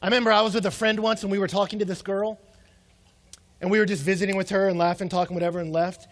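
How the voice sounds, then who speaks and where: A young adult man with a fairly high voice preaches a sermon. He keeps it conversational, firing off rhetorical questions and slipping into quick acted-out quotes of the people in his stories. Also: little pitch movement. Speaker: pastor.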